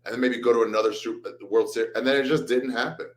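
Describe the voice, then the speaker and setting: A man's voice: mid-range voice, fairly even intonation, fast talker. A man, a comedian, chatting casually as a guest, joking and self-deprecating with laughs. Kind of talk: casual chat.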